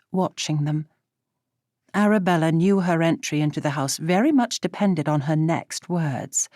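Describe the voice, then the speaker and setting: A woman narrating a period romance audiobook in a measured storytelling manner. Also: low-pitched, darkish tone, dry recording, clean studio sound. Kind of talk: scripted narration.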